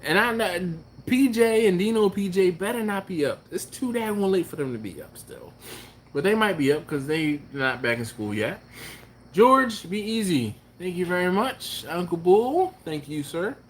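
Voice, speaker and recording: A man's voice: high voice, big pitch swings, moderate pace. Chuckling, laid-back live-stream host, a man. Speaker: barbecue channel host. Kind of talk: casual late-night live-stream chat, reading comments aloud.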